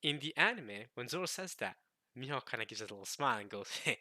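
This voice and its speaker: A man's voice: mid-range voice, lively intonation, fast talker, sharp tone, no room sound. A man vlogging, giving an emphatic, rambling opinion rant in casual talk. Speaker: anime vlogger.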